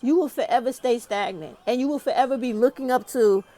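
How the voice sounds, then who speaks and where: Woman, YouTube commentator, fired-up and cursing, slightly high voice. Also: brisk, warm tone. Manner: profane, ranting and emphatic. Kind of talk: heated opinion monologue.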